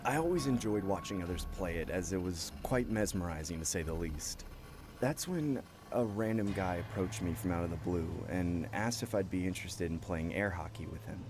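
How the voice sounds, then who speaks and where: A man reading scary stories aloud in first person at a steady pace, with a few asides of his own. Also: sits low, moderate pace. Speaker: horror story narrator. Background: faint music.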